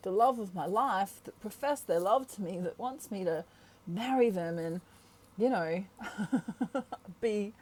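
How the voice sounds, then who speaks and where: A tarot reader hosting her own channel chats casually to the camera in a mellow, relaxed voice that sits on the low side, keeping a measured pace. She's animated, laughs a lot, and acts out the voices of people she quotes while explaining.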